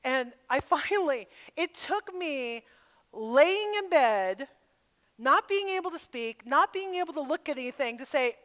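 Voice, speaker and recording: A woman's voice: high voice, animated, measured pace, fairly bright tone. A middle-aged woman speaking at a women's retreat, telling a personal testimony with candid emotion and putting direct questions to her listeners. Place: camp meeting hall. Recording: live hall with long reverb.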